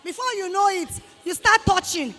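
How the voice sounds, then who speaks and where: A woman with a Nigerian accent giving an animated motivational talk to students, scolding them and acting out quoted voices. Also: very high-pitched, moderate pace, big-room sound, some chatter behind. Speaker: guest speaker to students. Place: hall with students.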